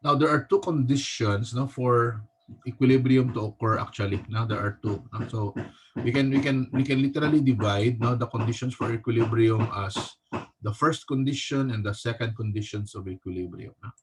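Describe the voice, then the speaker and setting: A male teacher with a Filipino accent giving a recorded physics lecture, halting often and tagging his sentences with a questioning "no?". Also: medium pitch, slight background noise. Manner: halting, with frequent restarts.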